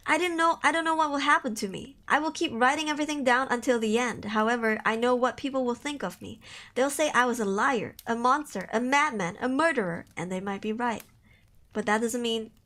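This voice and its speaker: A woman's voice: a little high, a bit bright. A young woman streamer reading horror stories aloud on a livestream, dramatic narration broken by joking asides.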